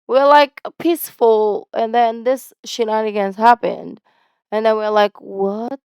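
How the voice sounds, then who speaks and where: A woman from the Philippines, commenting casually and excitedly while reacting to a video. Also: on the high side, unhurried, smooth, no echo. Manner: chatty, exclamatory, lots of "like" fillers. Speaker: YouTube reactor.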